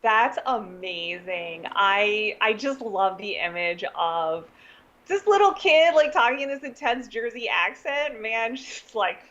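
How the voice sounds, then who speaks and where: A woman's voice: fairly high pitch, lively intonation, slow pace, a bit bright, lo-fi sound. A woman hosting a coding livestream, bubbly and welcoming, laughing often. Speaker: host.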